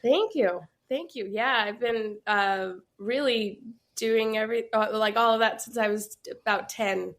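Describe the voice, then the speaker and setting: A woman's voice: fairly high pitch, fairly even intonation, measured pace, a bit bright. Woman, sick, congested, chatty, fillers, casual interview guest. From Georgia, USA. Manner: chatty, laughs often, many fillers. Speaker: guest musician.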